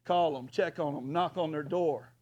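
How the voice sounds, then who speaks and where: High-voiced preacher, folksy. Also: male voice, normal speed, a little mellow, muffled recording. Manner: folksy preacher, rising to hollers. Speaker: pastor. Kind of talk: sermon.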